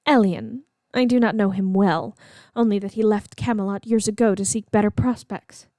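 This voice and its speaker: A woman's voice: medium pitch, moderate pace, mellow, dry recording, close to an everyday voice. A woman voicing an ambitious young noblewoman who speaks in an impatient, pressing tone. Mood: plotting.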